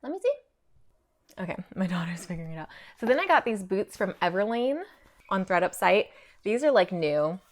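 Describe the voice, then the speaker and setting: A woman's voice: mid-range voice, sing-song, moderate pace. A young woman chatting casually through a thrift haul, full of "like" fillers and a little out of breath. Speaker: fashion vlogger.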